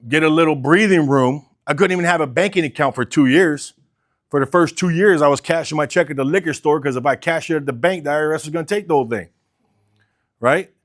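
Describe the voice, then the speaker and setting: A man telling his own story in casual, conversational talk. He swears freely, keeps tagging lines with "right?", and acts out the dialogue he quotes. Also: fairly high pitch. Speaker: car business coach telling his story.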